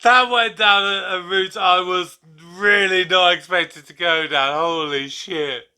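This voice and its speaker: A man's voice: sits high, fairly even intonation, measured pace, sharp tone, smooth. A man hosting a reaction video who comments casually and breaks into amazed exclamations.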